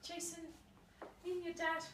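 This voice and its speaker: A woman playing a murderous mother in a stage comedy sketch, speaking calmly and matter-of-factly about terrible things. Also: very high-pitched, normal speed, a little hiss or hum. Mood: deadpan. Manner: calm, matter-of-fact about dark things. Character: murderous deadpan mother, middle-aged woman. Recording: echoey stage from a distance.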